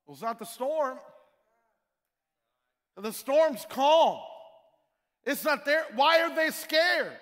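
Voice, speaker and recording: A man's voice: extremely high pitch, a bit bright. A male pastor preaching a sermon in a church, emphatic and repetitive, full of rhetorical questions. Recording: long reverb of a large hall.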